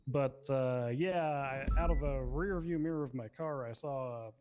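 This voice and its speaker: A man of middle pitch testifies as a police witness in an online role-play courtroom. He rambles through his account, filling pauses with ums and uhs. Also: a little mellow, slight background noise. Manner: rambling with frequent fillers.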